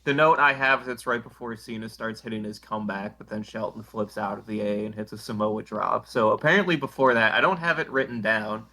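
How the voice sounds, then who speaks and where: A man co-hosting a podcast, casually recapping a wrestling episode from his notes in a profane, deadpan way. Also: lowish voice, fairly quick, few pauses. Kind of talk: casual chat.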